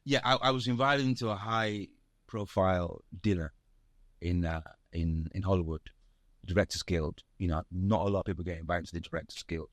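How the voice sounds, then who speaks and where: Man, low voice, dry studio sound, animated storyteller, lots of fillers. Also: normal speed, no room sound. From Nigeria. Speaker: actor, guest. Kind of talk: casual interview chat.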